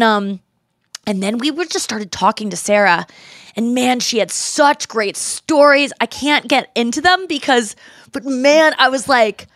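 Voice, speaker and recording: A woman in her forties, a podcast host telling a story in casual chat, animated and slipping into quoted voices. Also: a little high, dry recording, clean studio sound.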